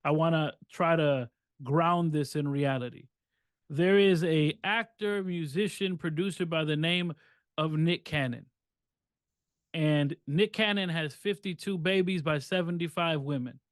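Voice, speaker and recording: A man's voice: fairly high pitch, unhurried, dry recording. A man co-hosting a podcast, talking earnestly in a casual discussion and stressing points by repeating himself. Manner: earnest, repetitive emphatic phrasing. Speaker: podcast co-host.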